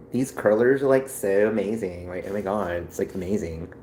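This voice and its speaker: Man putting on a valley girl, gushing, breathless, lowish voice, echoey room. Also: moderate pace, dark tone, slight background noise, close to an everyday voice. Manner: breathless, gushing, filler-heavy.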